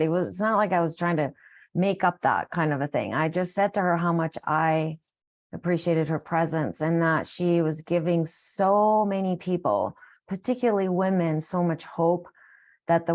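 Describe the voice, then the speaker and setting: A middle-aged woman with a fairly low-pitched voice, a wellness coach, tells a heartfelt, rambling story on a recorded live call. She often restarts her sentences.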